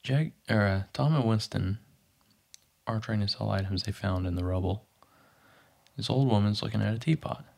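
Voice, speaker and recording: A man's voice: lowish voice, creaky. A man casually recapping a TV episode, narrating scenes and briefly acting out quoted lines. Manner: animated, pops into quick character voices for quotes. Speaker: podcast host recapping a TV episode.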